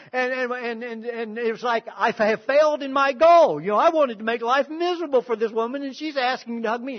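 A man preaching a sermon, telling a story with emphatic swings in loudness and pace. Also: high-pitched. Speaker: pastor. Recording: dull lo-fi sound.

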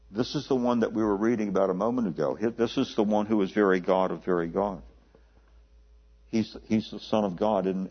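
A man preaching a sermon in a conversational way, often repeating words and slowing down to stress the scripture he quotes. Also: fairly low pitch, slightly rough. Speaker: pastor. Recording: dull lo-fi recording.

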